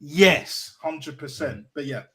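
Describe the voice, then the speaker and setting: A man's voice: fairly high pitch, slow, a bit bright, breathy edge. A man giving blunt, heated opinions and swearing freely in a casual fan chat. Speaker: podcast co-host.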